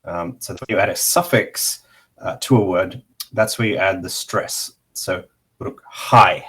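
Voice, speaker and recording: A man giving a casual online pronunciation lesson, explaining slowly with many pauses and fillers while sharing his screen. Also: low-pitched, a bit bright, husky. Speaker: language teacher.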